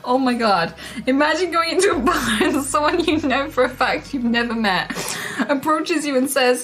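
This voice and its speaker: A woman's voice: sits high, normal speed, a bit bright. A woman streamer reading memes aloud and reacting, laughing often and swearing freely.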